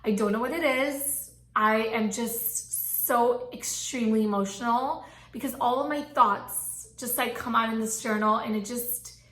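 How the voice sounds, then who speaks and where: A woman's voice: fairly high pitch, measured pace, a bit bright. A young pregnant woman vlogging casually to her viewers, chatty and gushing with lots of fillers. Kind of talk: casual chat to camera. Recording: echoey room.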